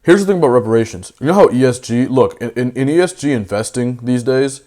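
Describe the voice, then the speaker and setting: Young male debater, brash and slangy, mid-pitched, heated and blunt. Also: lively intonation. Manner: brash, profane, slangy, swings loud and fast. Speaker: debate panelist.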